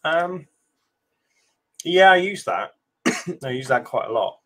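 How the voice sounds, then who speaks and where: A man's voice: on the high side, sing-song, slow pace, fairly bright tone. Dry-humored British man on a call. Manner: dry, questioning, explains at length. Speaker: co-host developer. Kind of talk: casual technical chat.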